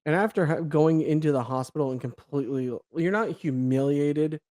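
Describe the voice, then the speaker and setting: A young adult man, a podcast guest, telling a story with lively quoted dialogue, casual swearing and laughter. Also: a little high, normal speed.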